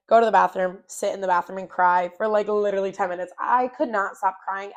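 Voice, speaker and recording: A young adult woman hosting a podcast, telling a personal story in a candid, rambling way with self-mocking humor. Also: mid-range voice. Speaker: podcast host. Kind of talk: casual personal storytelling monologue.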